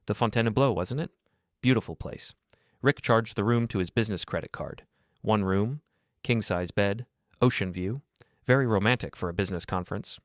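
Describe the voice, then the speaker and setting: A man's voice: on the low side, normal speed, no room sound, studio quality, lightly acted. A man voicing a cold, furious, elegant betrayed wife with a cutting, sarcastic manner. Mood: icy.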